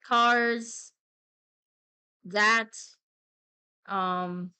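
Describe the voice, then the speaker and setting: A young woman streams herself drawing and chats with viewers in a relaxed, unhurried way. Her voice sits a little high, and she drifts between idle musing and playful, excited outbursts. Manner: playful, rambling, animated bursts of excitement. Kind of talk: casual live-stream chat while drawing.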